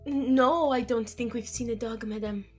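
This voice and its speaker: Flustered, stammering guard played by a woman in her own fairly high voice. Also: moderate pace, faint music behind, natural voice. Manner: hesitant, stammering.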